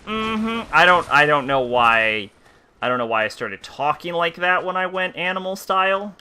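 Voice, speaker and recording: A man's voice: fairly high pitch, normal speed, pushed and bright, slight background noise. A man streaming a video game, commenting casually and grumbling with lots of swearing. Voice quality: profane, grumbling.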